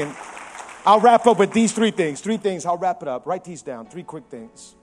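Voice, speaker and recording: Animated high-voiced male pastor preaching. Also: moderate pace, some chatter behind, a little hiss or hum. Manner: animated, swings from loud emphasis to quiet intensity; acts out quotes of biblical figures with his own voice. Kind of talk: sermon.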